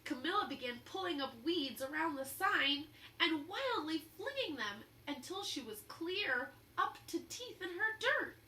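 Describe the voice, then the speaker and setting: A woman reading a children's picture book aloud, pausing to explain the story to young listeners. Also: high-pitched, sing-song, sharp tone. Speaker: storybook reader. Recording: roomy echo, faint hum.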